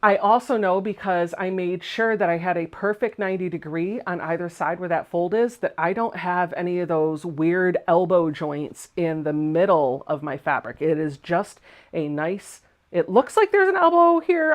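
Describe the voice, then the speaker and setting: A woman's voice: on the low side, moderate pace. Chatty woman teaching sewing on a livestream. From Virginia, USA. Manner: chatty, laughs easily, corrects her own wording mid-sentence. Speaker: sewing channel host. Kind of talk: casual livestream sewing tutorial. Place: home sewing room, indoors.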